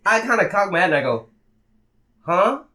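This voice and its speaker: Podcast host, male, animated storyteller with a bright, lively delivery. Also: high-pitched, a little slow. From Massachusetts. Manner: animated, acts out voices in his stories. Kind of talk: casual storytelling chat.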